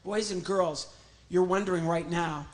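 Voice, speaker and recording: With a high voice, a steady tone, and an unhurried delivery, a comedian-ventriloquist jokes about himself and chats with his audience. He's at home, doing a puppet act for viewers watching virtually. The sound quality is poor.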